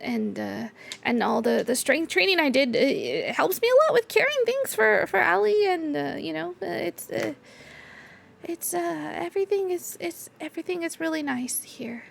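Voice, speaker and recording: A woman's voice: extremely high pitch, expressive, normal speed, vocal fry, pitched above the performer's own voice, heavily acted. A woman voicing a tearful, grateful Earth Genasi villager who stammers and rambles. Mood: bashful, rambling. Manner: stammering, choked up, eager.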